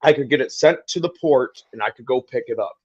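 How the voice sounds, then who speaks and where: Profane, animated man telling a story. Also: mid-range voice, a little fast, dry recording, highs cut off. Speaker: co-host of a collectors live stream. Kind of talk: casual livestream chat.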